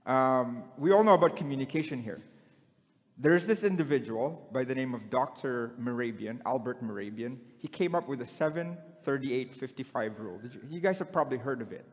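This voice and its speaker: A man's voice: medium pitch, brisk. A middle-aged male preacher giving a conversational sermon and putting questions to the congregation. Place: church hall. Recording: dull sound in a long-echoing hall.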